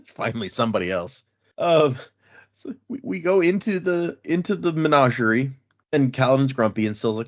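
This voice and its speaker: A man's voice: mid-range voice, moderate pace, highs cut off. A man on a podcast casually recapping book chapters, acting out the characters' lines as he goes. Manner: animated, acts out characters' lines while recapping. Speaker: podcast co-host.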